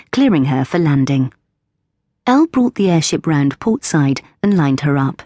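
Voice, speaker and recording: A woman with a low, husky voice reads an audiobook in a steady, measured manner. She is recorded close on a studio microphone in a dry booth. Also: dry recording. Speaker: audiobook narrator. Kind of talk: scripted audiobook narration.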